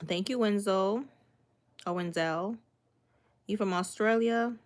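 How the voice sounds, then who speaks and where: A young woman from Miami, Florida speaks at a medium pitch and a slow pace. As a cooking creator on a livestream, she casually reads comments and greets viewers by name with easygoing sass.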